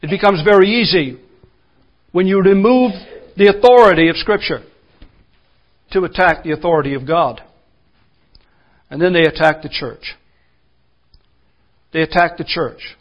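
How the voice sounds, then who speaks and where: A man preaching a sermon, building to forceful, emphatic declarations. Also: high voice, measured pace, long pauses, muffled recording.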